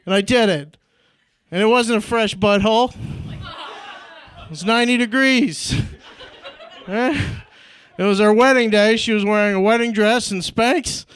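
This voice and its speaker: A man's voice: sits high, a bit bright, clear, resonant tone, dry recording, studio quality. A young man from Indiana performing a stand-up comedy set, peppering his lines with "like" and "right?" and laughing at his own jokes. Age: young adult. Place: comedy club stage.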